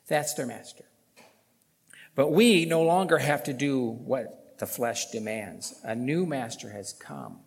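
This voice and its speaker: Guy preaching slow and emphatic, lots of rhetorical questions, big hall reverb. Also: mid-range voice, lively intonation, creaky. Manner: emphatic, rising loud on key points, rhetorical questions. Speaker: pastor. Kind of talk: sermon.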